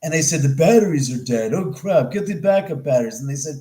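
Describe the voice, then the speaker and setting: A man hosting a livestream, telling a story in an animated, rambling way with plenty of swearing and repeated words. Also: fairly high pitch, quick pace, roomy sound, poor audio. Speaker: host of a livestream.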